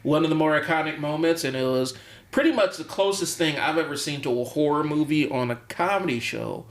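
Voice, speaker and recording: A man's voice: a little high, brisk. A man co-hosting a casual coaching podcast, rambling with many ums and restarts and an occasional chuckle. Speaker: podcast co-host, basketball coach. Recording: roomy echo.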